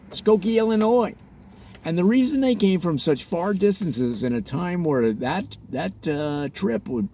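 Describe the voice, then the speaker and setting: A man hosting a mock tour in a parody travelogue, telling absurd tall tales in an animated storytelling manner. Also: high voice. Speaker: comedic tour host.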